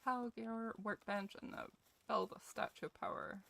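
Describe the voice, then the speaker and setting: A woman's voice: medium pitch, normal speed, creaky, bright, forceful tone. A young Scottish woman streaming a game, joking and swearing as she chats with her viewers. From Scotland. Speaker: gaming streamer. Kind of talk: casual game commentary with chat.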